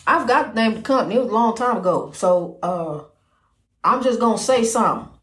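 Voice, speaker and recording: High-voiced folksy woman in an echoey room. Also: animated, fast. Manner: folksy, rambling, says "you know" constantly; preachy, faith-based encouragement. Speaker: podcast host. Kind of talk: casual inspirational talk.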